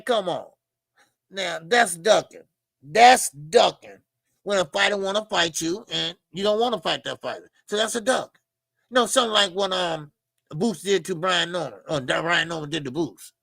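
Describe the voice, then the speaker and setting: Fired-up high gravelly man ranting. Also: fairly bright tone, dry recording. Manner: emphatic, repetitive, slangy, calls listeners "baby". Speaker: boxing channel host. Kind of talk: animated boxing commentary rant.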